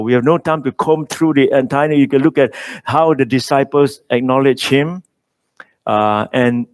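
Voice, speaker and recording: A man preaching a sermon, reading scripture slowly and with emphasis, with small slips in his phrasing. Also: medium pitch.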